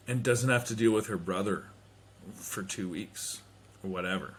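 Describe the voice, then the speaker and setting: A man hosting a podcast, telling a comedic story in a casual, animated way, swearing and slipping into quick impressions of people. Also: lowish voice, slightly rough. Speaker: podcast host. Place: home.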